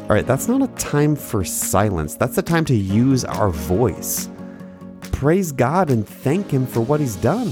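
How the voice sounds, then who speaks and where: A man, a podcast host, reading psalms aloud in an expressive, dramatic way and then giving a short thought. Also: medium pitch, unhurried, over music. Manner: dramatic, swelling on exclamations.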